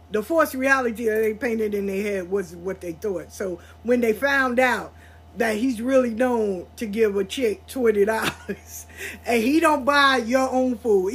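A woman hosting her own show, telling a personal story in a candid, profane way. She laughs often mid-sentence and turns quiet and reflective when she talks about healing. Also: a little high, husky.

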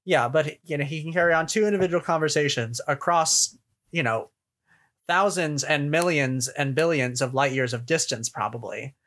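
A man's voice: a little high, normal speed, a bit bright. A man co-hosts a casual fan podcast in an easygoing middle voice. He rambles and muses aloud, often restarting his sentences as he thinks. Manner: rambling, full of fillers and restarts, musing. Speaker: podcast co-host.

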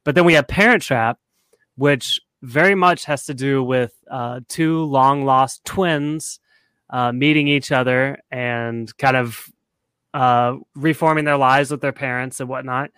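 A man's voice: medium pitch, a little slow, fairly bright tone, clean tone, no room sound. A man co-hosting a podcast in casual chat, laying out his theories step by step. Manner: analytical, lays out theories step by step. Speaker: podcast co-host.

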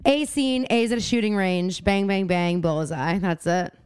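Young woman cohost, smooth clear voice, chatty storyteller, dry close sound. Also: medium pitch, unhurried, no room sound. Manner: animated storytelling with frequent fillers and laughs. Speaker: podcast co-host. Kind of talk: casual chat.

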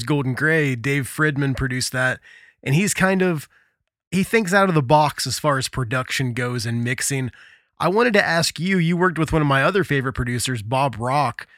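A man's voice: a little high, normal speed, sharp tone, no room sound, studio quality. A man in his forties hosting an interview who asks chatty, eager questions. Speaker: podcast host, musician. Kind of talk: casual interview.

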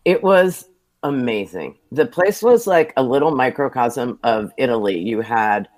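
An American man, a television producer, sits for a relaxed interview and talks at an ordinary mid-range pitch. He tells his career stories with lively, self-deprecating humor, building each anecdote with an easy conversational flow. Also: measured pace. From United States. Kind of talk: casual storytelling interview.

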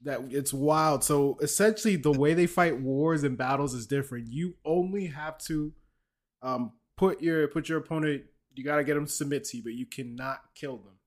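A man's voice: a little high, normal speed. A man hosting a podcast, casually explaining a video game's story and joking with his co-host. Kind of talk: casual chat.

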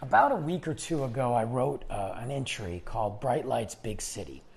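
In a casual solo podcast monologue, a male host rambles and chats, restarting his sentences as he loses his voice. He speaks at a medium pitch with lively intonation and a moderate pace, gravelly, over a little hiss or hum.

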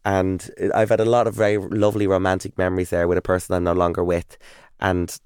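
An Irish man in his thirties tells travel stories in a relaxed, chatty way, full of fillers and restarts. His voice sits fairly low and sounds smooth and resonant, recorded close and dry. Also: fast talker, no room sound. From Ireland. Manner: chatty, enthusiastic storyteller with many fillers and restarts. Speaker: guest. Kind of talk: casual interview chat.

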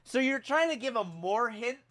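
A man co-hosting a podcast, telling a story in casual chat, animated and jumping into high squeaky voices for jokes. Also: normal speed. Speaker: podcast co-host.

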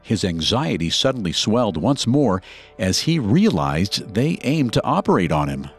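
A man narrating a scripted true story for a podcast with expressive, dramatic delivery. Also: fairly low pitch, moderate pace, slightly rough, faint music behind.

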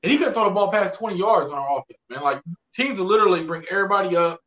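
A man with a high, sharp voice tells animated stories on a casual sports podcast, full of slang and cursing. The sound is roomy and echoey, with a dull, lo-fi tone. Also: rapid-fire. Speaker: podcast co-host. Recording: echoey room, lo-fi.

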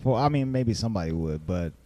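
A man's voice: on the low side, expressive, quick pace, dark tone, slight background noise. A man casually recapping a movie with friends on a podcast, rambling and laughing often. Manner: rambling, laughs often, slips into silly character voices. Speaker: podcast host. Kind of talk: casual chat, recapping a film.

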